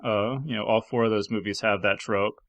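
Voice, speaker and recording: A man's voice: lowish voice, fairly even intonation, brisk, fairly bright tone, no echo, dull audio. A man hosting a casual panel podcast, chatty and full of fillers, laughing often as he talks. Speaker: podcast host.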